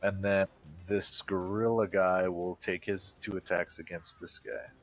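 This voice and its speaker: Deep-voiced, hesitant male player. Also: level tone, a little slow, faint music behind. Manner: hesitant, thinks aloud with many ums. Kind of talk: casual tabletop play.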